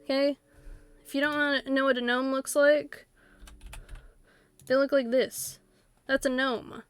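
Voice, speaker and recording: High-voiced chatty woman streamer. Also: measured pace. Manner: chatty, rambling, laughs often, animated quotes. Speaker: Twitch streamer. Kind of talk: casual live-stream chat.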